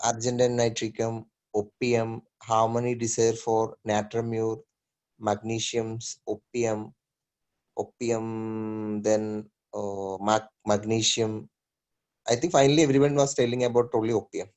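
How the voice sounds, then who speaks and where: A man with a low voice reads out a list of suggestions during a class discussion. He pauses and restarts now and then as he goes. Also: little pitch movement, darkish tone. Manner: listing items hesitantly. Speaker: participant reading out suggestions.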